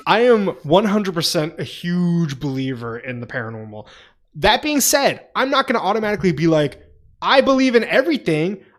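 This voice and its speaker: A man's voice: a little high, moderate pace. A man co-hosting a podcast, telling stories in casual, profane chat. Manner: profane, animated storyteller. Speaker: podcast co-host.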